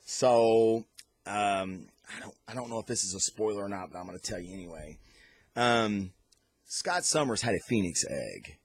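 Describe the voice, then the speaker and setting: A man's voice: lowish voice, expressive, normal speed, breathy edge, dry recording. A man hosting a podcast, giving an enthusiastic, rambling review of comic books with lots of restarts and fillers. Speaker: podcast host. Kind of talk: casual comic book review.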